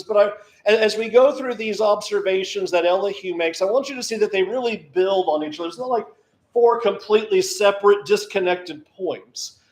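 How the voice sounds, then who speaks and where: A man preaching a sermon, reading scripture aloud and stressing his points by repeating key phrases. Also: sits high. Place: church auditorium. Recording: echoey church room.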